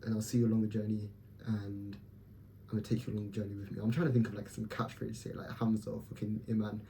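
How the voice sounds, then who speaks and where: Blunt, profane young man vlogging, very dark voice. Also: lowish voice, little pitch movement, fast, gravelly, a little hiss or hum. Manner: blunt, profane, self-motivating pep talk. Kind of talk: candid personal vlog.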